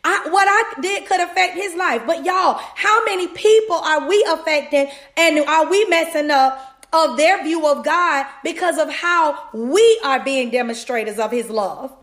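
A woman's voice: high-pitched, a little slow, roomy sound. A woman giving a casual motivational sermon, talking straight to her listeners. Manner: animated, talks straight to listeners with "y'all". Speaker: podcast host giving a devotional.

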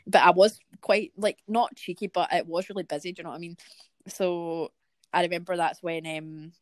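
A young Scottish woman hosting a podcast, telling lively work stories in casual chat with plenty of swearing. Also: lowish voice, normal speed, dry recording. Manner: lively storytelling with frequent swearing. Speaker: podcast host.

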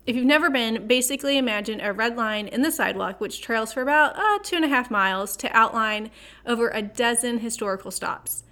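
Woman host, a touch high-voiced, reads a scripted Bible lesson with chatty asides. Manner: warm, conversational, with playful asides and dramatic slow emphasis. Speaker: Bible teaching podcast host. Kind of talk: scripted devotional teaching.

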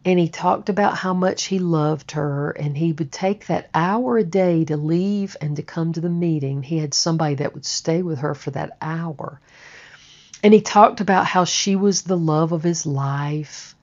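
A woman's voice: sits low, unhurried, a little mellow. A woman telling a personal story in a candid, conversational way, with casual swearing. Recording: dull lo-fi recording.

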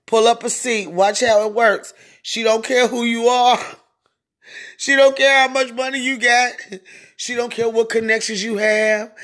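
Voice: medium pitch, fairly bright tone. A podcast host delivering a profane, mocking solo rant, laughing often between lines.

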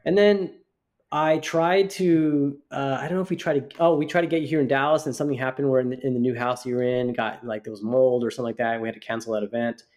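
A man's voice: medium pitch, steady tone, fast, a little mellow. Chatty man telling a long story. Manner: rambling storyteller, many restarts and fillers. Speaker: podcast co-host. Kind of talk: casual chat.

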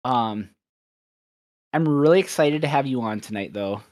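A man's voice: mid-range voice, expressive, measured pace, a little mellow, dry recording. Rambling young man hosting, close dry mic. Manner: rambling, self-correcting, upbeat. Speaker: podcast host. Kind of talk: casual chat.

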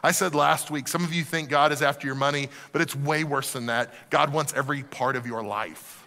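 Pastor, male, high bright voice, animated sermon delivery, church reverb. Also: fairly quick, creaky. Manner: animated preaching, dropping to soft emphasis. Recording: reverberant hall.

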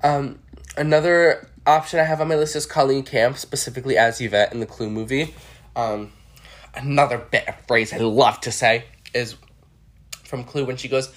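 A young adult host chatting solo in a campy, playful way. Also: male voice, mid-range voice. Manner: chatty, campy, jumps into quick impressions. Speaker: podcast host. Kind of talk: casual solo chat with impressions.

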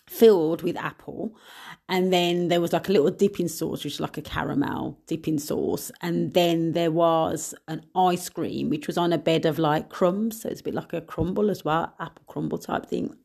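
A young woman with a lowish, gravelly, darkish voice hosts a casual solo podcast. Her chat is relaxed, with playful asides and frequent laughter.

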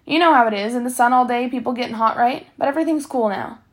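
A woman reading aloud the lines of a smooth-talking teenage boy ringleader in a storybook. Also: a little high, quick pace, natural voice. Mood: coaxing. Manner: coaxing, smoothing things over. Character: teenage boy gang leader, smooth talker.

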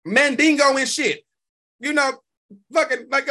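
A man, hosting a live stream and reacting to chat in an animated, profane, talk-back way. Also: very high voice, normal speed. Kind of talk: casual live stream commentary.

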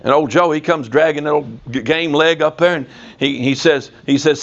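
A man preaching a sermon in a prison, telling a story in a folksy, animated way. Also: a little high, fairly quick, muffled recording. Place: prison chapel.

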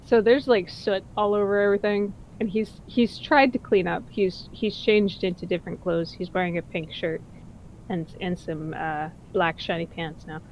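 A woman's voice: lowish voice, steady tone, normal speed, highs cut off, slight background noise. A woman playing in a tabletop game, describing her character's actions in a chatty way. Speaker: player.

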